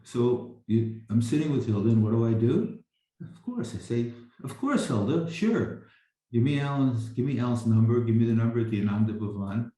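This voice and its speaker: A man's voice: medium pitch, fairly even intonation, a little fast, hardly any pauses, warm tone. An older man telling a personal story in a rambling way, with frequent restarts. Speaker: speaker sharing a memory. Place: home, recorded over a video call. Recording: very echoey room.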